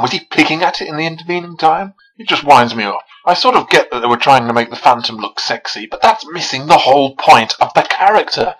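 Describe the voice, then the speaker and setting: Male film reviewer, husky voice, sarcastic and animated delivery. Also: fairly high pitch, poor audio. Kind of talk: scripted video review narration.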